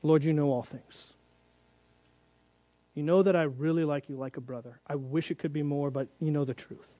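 A man's voice: on the high side, fairly even intonation, normal speed, mellow, no echo, highs cut off, close to an everyday voice. A man voicing a sheepish fisherman disciple who answers awkwardly and evasively, in a comic paraphrase.

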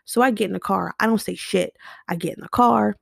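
A young woman hosts a podcast on a home podcast mic, speaking off the cuff about her past in a blunt, emotional monologue with frequent swearing. Her mid-range voice is gravelly and a little fast, recorded with studio quality and no echo.

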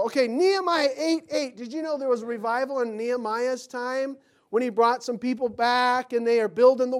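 A man preaching a sermon as pastor, telling stories and acting out quotes, swinging between loud and whispered lines. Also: very high-pitched.

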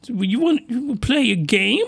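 A man's voice: very high-pitched, animated, normal speed, gravelly, a bit bright, breathy edge, pitched above the performer's own voice, full character voice. A man voicing a vengeful young anti-hero in a comic dub-over, taunting with slangy swagger.

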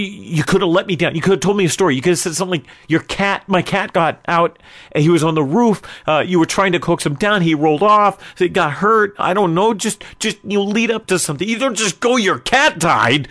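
A man's voice: sits high, expressive, moderate pace, voice pushed up. A man playing a stressed cat owner who stammers and shrieks in near hysteria. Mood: indignant.

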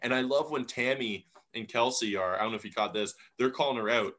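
A young man co-hosting a casual podcast recap. He talks with lots of energy and slips into quick impressions of the people he describes. His voice sits at a middle pitch. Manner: animated, mimics people he talks about. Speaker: podcast co-host.

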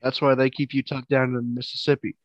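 A man's voice: mid-range voice, level tone, a little fast, dry recording, lo-fi sound. A man hosting a podcast in casual chat, teasing his guest with wry humor. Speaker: podcast host.

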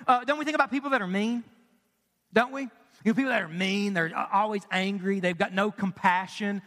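A man in his thirties preaching with a strikingly high, bright, forceful voice. He presses his points with rhetorical questions and sudden hushed drops. The sound rings with the long reverb of a large hall. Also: fast. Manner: emphatic, asks the congregation questions, drops to quiet for emphasis. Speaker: pastor. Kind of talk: sermon.

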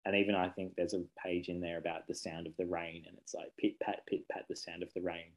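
A man's voice: sits low, flat delivery, fast talker, low-quality recording. A man, a children's book author chatting casually in an interview, rambling and self-correcting, laughing easily.

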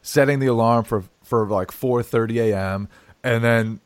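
A man's voice: medium pitch, moderate pace, smooth, no echo. A man hosting a casual sports podcast, laughing often and restarting his sentences. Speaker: podcast host.

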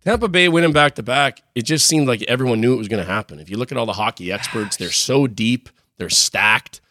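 A man's voice: medium pitch, fairly quick, bright, forceful tone, dry recording, studio quality. A man from Canada co-hosting a sports podcast, talking in an upbeat, jokey and rambling way. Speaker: podcast co-host. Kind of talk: casual sports chat.

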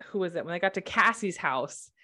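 A woman's voice: fairly low pitch, animated, fairly quick, pushed and bright. A woman co-hosting a casual podcast chat, blunt and opinionated, swearing freely. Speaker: podcast co-host.

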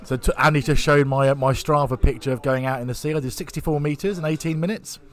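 A man's voice: a little high, fast talker. A middle-aged man co-hosting a podcast from a pub, rambling and joking through casual chat. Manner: rambling, joking, self-mocking. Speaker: podcast co-host.

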